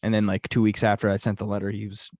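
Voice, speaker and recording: Animated swearing man from Michigan's U.P. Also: fairly low pitch, fast talker, no room sound. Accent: Upper Peninsula Michigan. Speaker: podcast co-host. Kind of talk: casual storytelling.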